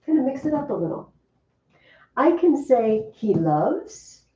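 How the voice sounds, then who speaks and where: A woman teaching a Latin class, chatty and lively, often asking the students questions. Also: high-pitched, unhurried. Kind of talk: classroom lesson. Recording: distant, roomy, dull classroom recording.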